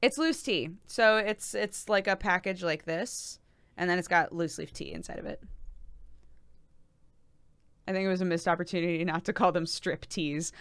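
A woman's voice: on the low side, moderate pace, pauses often, fairly bright tone, smooth, no room sound. A woman streaming to her viewers in casual chat, talking chattily with many fillers and giggles.

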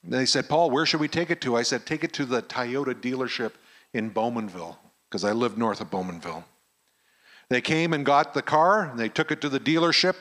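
A middle-aged man, a pastor telling a personal story in a sermon at a camp meeting and acting out the dialogue. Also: a little high. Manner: animated storyteller who acts out the dialogue.

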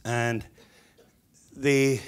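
A man's voice: mid-range voice, flat delivery, drawn-out words, clean tone. A middle-aged man, a stonemason and business owner, giving a keynote speech full of humorous anecdotes and chatty restarts.

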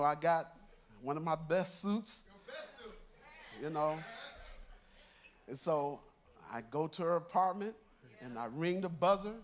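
Chuckling as he goes, an older man who serves as a church elder preaches by sharing a personal story in a conversational way. His voice sits on the high side.

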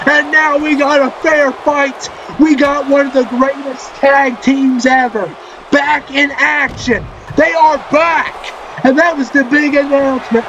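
High-voiced man shouting excited commentary. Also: low-quality recording. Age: adult, a parent. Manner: excitable, often shouting and cheering. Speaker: gaming channel host. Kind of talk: excited play-by-play commentary over a wrestling video game. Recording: loud game music underneath.

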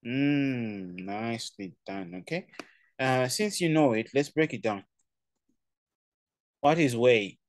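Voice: medium pitch, lively intonation, slow pace, pauses often, no room sound. A Chinese tutor on a video call, giving a casual online language lesson, playful, laughing often and repeating words for drill.

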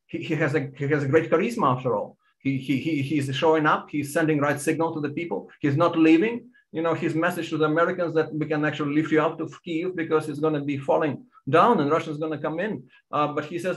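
A man speaks on an academic panel over a video call. His voice sits a little high for a man. He talks earnestly and haltingly, restarting phrases and struggling to stay composed. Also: steady tone, low-quality recording. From Ukraine. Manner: earnest, halting, many restarts, openly moved.

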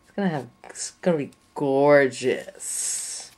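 A woman vlogger gushing with excitement as she unboxes a craft kit, gasping and cooing over each item, sounding a little sleepy. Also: rumbling low, slow pace. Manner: effusive, breathy gasps and squeals of delight.

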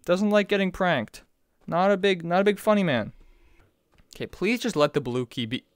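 A woman's voice: fairly low pitch, moderate pace, no echo, clean studio sound. A woman giving profane, reactive commentary as she plays a video game, exclaiming and shrieking at jump scares. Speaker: video game let's player.

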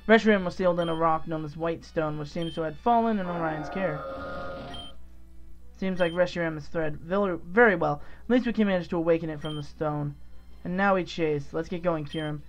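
A condescending cult commander who never raises his voice and lectures with lazy confidence, voiced by a gamer reading the game's dialogue. He sounds unhurried and sure of himself. Faint music plays underneath. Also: a little high, voice pushed down, close to an everyday voice. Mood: lecturing. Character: smug male cult commander riding a dragon. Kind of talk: reading game dialogue aloud.

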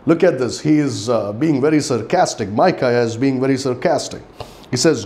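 This sermon is preached at a normal speed by a pastor with an Indian English accent and a medium-pitched, darkish voice. He preaches with emphasis and reads scripture aloud with growing intensity.

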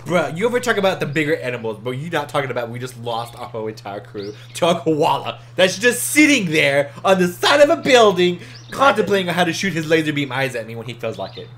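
Excitable gamer with wildly swinging pitch. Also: fast, hardly any pauses, slight background noise. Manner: excitable, shrieking laughs and shouts. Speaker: gaming video host. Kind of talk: let's play commentary. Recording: loud background music.

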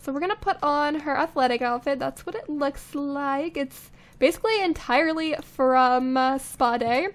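Young woman, high voice, chatty let's play commentary, thinks aloud, light giggles, close condenser mic. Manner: chatty, thinking aloud, frequent little laughs. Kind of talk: casual gameplay commentary. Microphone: studio condenser microphone.

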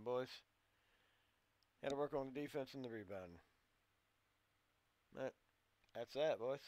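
This gaming commentator speaks at a measured pace with frequent pauses and a medium pitch. His casual basketball video game play-by-play has a folksy coach's flavor, full of boys and son, rising in volume and urgency during play.

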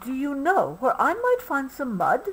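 A woman voicing an eager little male rhino calf in a storybook read-aloud, squealing with excitement. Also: unhurried, heavily acted, low-quality recording. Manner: excited, squealing, high and bright.

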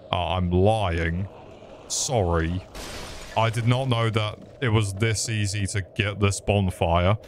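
A man's voice: on the low side, slight background noise. A young man giving crude, joking commentary while playing a game and talking to the enemies. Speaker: streamer. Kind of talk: gameplay commentary.

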